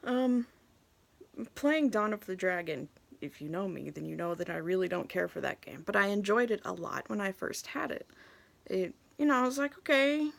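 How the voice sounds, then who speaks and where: A young adult woman telling a casual story about her gaming memories, laughing often and moving between hushed asides and excited bursts. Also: mid-range voice, normal speed, vocal fry. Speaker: video host.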